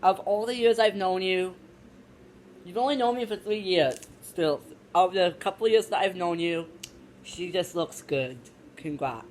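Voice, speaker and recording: A woman voicing a chatty little male toy monster who rambles quickly in a slightly lowered voice. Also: darkish tone, slight background noise, lightly acted.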